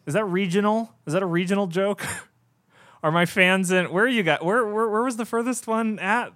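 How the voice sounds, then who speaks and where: Male comedy podcaster, dry rambling delivery, bright voice, somewhat high. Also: normal speed. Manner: rambling with many fillers and restarts. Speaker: podcast co-host. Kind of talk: deadpan comedic riffing.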